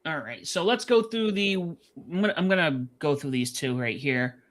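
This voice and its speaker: Bright, jokey man chatting. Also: fairly high pitch, normal speed. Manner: relaxed, jokey, trails off with fillers. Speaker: podcast co-host. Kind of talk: casual wrestling chat on a live stream.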